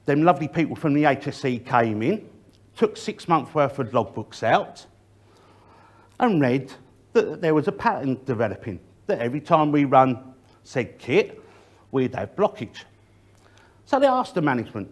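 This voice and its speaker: Man, middle-aged, safety talk, direct to the audience, fairly high voice. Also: big pitch swings, moderate pace, long pauses. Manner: direct, addresses the audience, varies emphasis. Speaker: workplace safety speaker.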